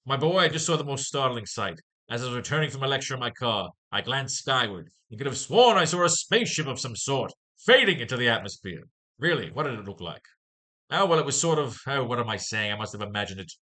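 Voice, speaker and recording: A man's voice: mid-range voice, very animated, fast talker, bright, forceful tone. A man reading aloud the lines of an elderly, absent-minded male professor from a comic book. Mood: puzzled.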